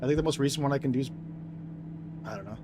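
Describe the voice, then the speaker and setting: A man's voice: medium pitch, rapid-fire. A man streaming a game, rambling casually to his chat with lots of fillers and restarts. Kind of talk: casual gameplay commentary. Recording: noisy background.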